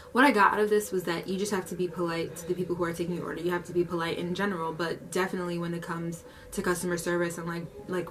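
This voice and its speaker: A young woman vlogger telling a casual story, animated, acting out the quotes and saying "like" a lot. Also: on the low side, far from the mic, noisy background. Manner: animated storytelling, heavy use of "like", acts out quotes.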